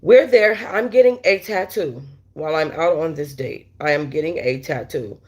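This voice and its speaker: A woman's voice: deep voice, normal speed, a little mellow. A woman tells a story live to her viewers, blunt and exasperated, with swearing throughout. She keeps breaking off to talk straight to the audience and to respond to the chat as it comes in. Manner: talks straight to viewers with many asides. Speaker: host of a storytime livestream. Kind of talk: casual storytelling while reading live chat.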